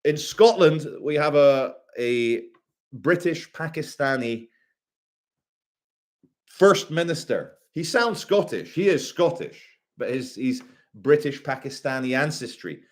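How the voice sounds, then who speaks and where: A man streaming live in a fairly high voice, rambling from one chat comment to the next. He swears freely and throws in quick asides. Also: sing-song. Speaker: livestreamer. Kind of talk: casual livestream, reading chat.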